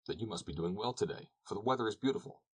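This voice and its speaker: A man voicing a shrewd, talkative wandering peddler in a storybook reading, with a brisk, questioning delivery and a low, husky voice. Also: animated. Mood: probing.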